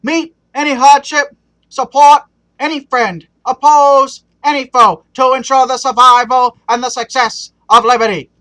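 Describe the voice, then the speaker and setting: A man doing an impression of a president with a put-on Boston accent, declaiming a speech loudly. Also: extremely high pitch, flat delivery, unhurried, full character voice, poor audio. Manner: loud, rhetorical, declaiming. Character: booming Boston-accented president giving an oration.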